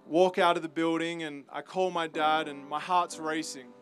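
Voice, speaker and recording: A man with an Australian accent giving an earnest, halting personal testimony as a campus ministry speaker, his voice full of emotion. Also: on the high side, level tone, fairly bright tone, faint music behind.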